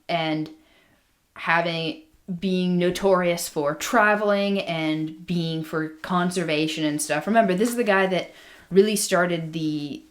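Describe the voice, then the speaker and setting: A woman co-hosting a casual podcast, telling a history story with many ums and restarts. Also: lowish voice. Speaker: podcast co-host.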